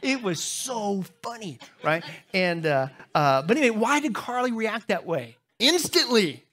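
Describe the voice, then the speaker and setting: Animated middle-aged pastor preaching. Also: male voice, a little slow. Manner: humorous storytelling, talks to the crowd; animated, jumps into high squeaky voices when acting out others. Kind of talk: sermon.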